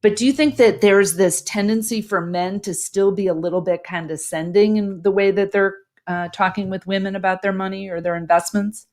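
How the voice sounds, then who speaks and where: A woman's voice: mid-range voice, fairly even intonation, moderate pace, few pauses, darkish tone. A woman hosting an interview, asking thoughtful, carefully phrased questions. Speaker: host.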